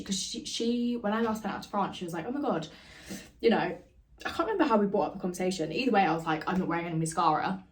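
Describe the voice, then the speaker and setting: A young woman chatting casually in a beauty vlog from her bed, giggly and full of "like". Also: medium pitch. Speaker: beauty vlogger. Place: bedroom, in bed.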